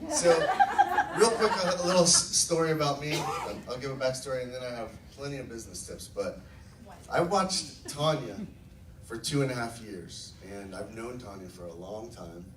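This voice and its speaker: A man's voice: mid-range voice, moderate pace, a bit bright, a little hiss or hum. Enthusiastic man telling his story, roomy. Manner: enthusiastic, storytelling, acts out quotes. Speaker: network marketing distributor. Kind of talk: casual testimonial talk to a group. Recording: echoey room, mic from far off.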